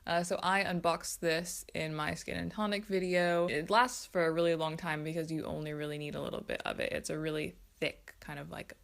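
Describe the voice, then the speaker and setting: A woman's voice: deep voice, flat delivery, fairly quick, vocal fry, few pauses. A woman hosting a casual skincare favourites video, chatty and enthusiastic. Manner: chatty, enthusiastic, self-aware. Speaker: beauty vlogger.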